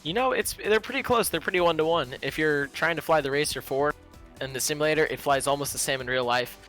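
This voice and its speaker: Brief: relaxed male co-commentator, high-pitched, bright tone, a little music underneath. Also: fast. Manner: relaxed, easygoing, with frequent fillers. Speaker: drone racing pilot and co-commentator. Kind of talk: casual livestream commentary.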